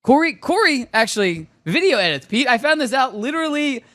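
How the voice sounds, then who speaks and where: Excitable high-voiced man telling stories. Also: a little fast, no echo, clean studio sound. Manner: excitable storyteller, laughs often. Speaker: podcast co-host. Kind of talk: casual chat.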